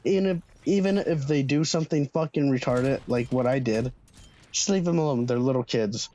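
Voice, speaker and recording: A man's voice: mid-range voice, normal speed, mellow. A young man telling a storytime vlog in a casual, slangy way, swearing freely. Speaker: vlogger.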